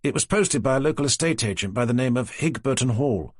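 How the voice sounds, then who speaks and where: A man narrates an audiobook in studio quality with no room sound, voicing a brisk, helpful young woman officer who reports in a businesslike way with a husky tone. His voice is mid-range with lively intonation.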